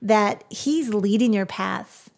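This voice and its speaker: A woman's voice: mid-range voice, slow pace, gravelly, darkish tone. A woman co-hosting a faith podcast, telling a personal story in a casual, chatty way with frequent laughs. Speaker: podcast co-host. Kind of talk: faith-based casual chat.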